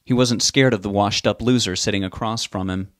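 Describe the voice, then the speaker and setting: Low-voiced man reading a novel aloud. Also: fairly even intonation, fairly quick, dry recording, clean studio sound. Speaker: narrator.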